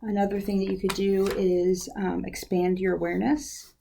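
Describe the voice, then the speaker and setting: A woman's voice: medium pitch, normal speed, gravelly, a little hiss or hum. A young woman working as a university outreach specialist, giving a casual guided lesson on counseling skills with many ums and likes. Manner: relaxed, uses many fillers like "um" and "like".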